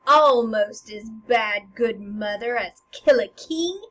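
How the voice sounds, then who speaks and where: A woman voicing an intense young prince who accuses loudly and declaims slowly. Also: on the high side, muffled recording. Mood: accusing. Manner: loud, slow, declaiming.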